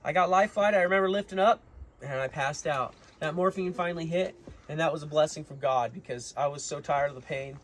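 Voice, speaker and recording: A man's voice: fairly high pitch, a little fast, a bit bright, a little hiss or hum. Rambling young man telling a story. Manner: rambling, lots of fillers and restarts. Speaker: vlogger. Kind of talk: casual storytelling to camera.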